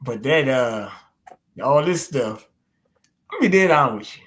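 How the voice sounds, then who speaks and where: A man's voice: medium pitch, expressive, normal speed, a bit bright. Laid-back man telling stories, casual chat. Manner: laid-back, storytelling, laughs often, drawls. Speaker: host.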